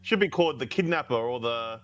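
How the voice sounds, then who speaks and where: Fast-talking man, chatter behind. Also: mid-range voice, animated. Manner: quick, puzzled questions. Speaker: podcast panelist. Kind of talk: casual movie discussion.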